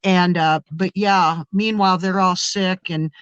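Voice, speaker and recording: A woman's voice: lowish voice, fairly even intonation, unhurried, smooth, no room sound, lo-fi sound. A woman on a video call, talking in an emotional, effusive, rambling way. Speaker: guest. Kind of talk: casual chat.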